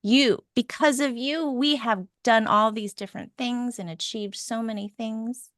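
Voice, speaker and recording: Slow gentle woman coach. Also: a little high, no room sound, clean studio sound. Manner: gentle, slow, guiding, questioning. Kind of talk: guided coaching session.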